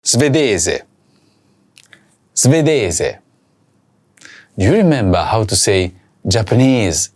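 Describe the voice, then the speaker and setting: The teacher here is a man with a fairly low, darkish voice who sounds very animated. In this recorded language lesson he says each word slowly and repeats it for learners.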